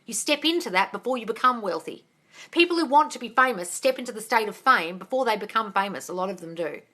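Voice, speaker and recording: Blunt, bright-voiced woman hosting a live Q&A. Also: medium pitch, fast. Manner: blunt and swearing, animated and gregarious. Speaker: manifesting coach hosting a live Q&A. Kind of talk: casual live-stream Q&A.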